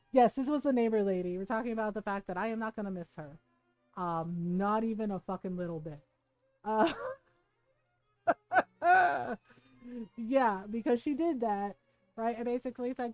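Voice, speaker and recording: A woman from the United States telling an animated story on a livestream, swearing freely and laughing often. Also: on the high side, a little slow, soft background music, poor audio. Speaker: streamer.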